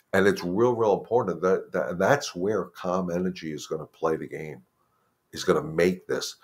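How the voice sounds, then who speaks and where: A man's voice: sits low, darkish tone. A man, the head dog trainer, giving plain-spoken, emphatic advice in a casual live Q&A and often repeating words as he thinks.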